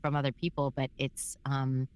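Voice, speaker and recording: Low-voiced chatty woman voice actor. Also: moderate pace, clean tone. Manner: chatty, filler-heavy, animated storytelling. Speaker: voice actor guest. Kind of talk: casual interview chat.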